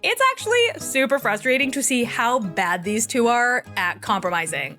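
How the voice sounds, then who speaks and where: A woman's voice: fairly high pitch, sing-song, moderate pace, few pauses, sharp tone, faint music behind. A woman giving a sassy, slangy, casual recap of a reality show. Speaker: recap vlogger. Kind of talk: casual comedic recap narration.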